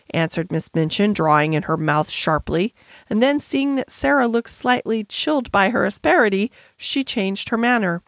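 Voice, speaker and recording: A woman narrating a classic children's novel as an audiobook in a measured, gentle storytelling manner. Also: medium pitch, lively intonation, no room sound. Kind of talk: scripted narration.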